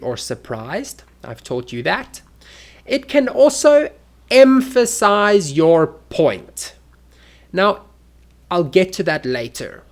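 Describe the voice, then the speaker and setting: A man teaching an English lesson, demonstrating intonation with exaggerated examples. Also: a little high.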